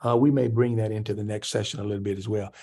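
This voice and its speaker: A man's voice: steady tone, fast, dark tone. Man preaching a church anger class. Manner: preaching, acts out quoted speakers with rising pitch; answers written questions from the class.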